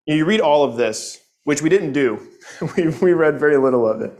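A man's voice: on the high side, animated, normal speed, a little mellow. A man teaching a Sunday morning Bible lesson, earnest and conversational, often repeating words as he goes.

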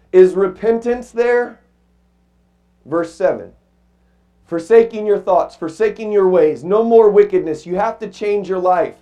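Male pastor, sermon, voice cracking, high mellow tone, emphatic slow scripture reading.

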